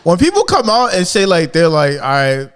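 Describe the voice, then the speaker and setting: A man's voice: a little high, wildly swooping pitch, moderate pace, a bit bright, clear, resonant tone. A man hosting a casual podcast chat, bantering loosely in slang and laughing often. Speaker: podcast host.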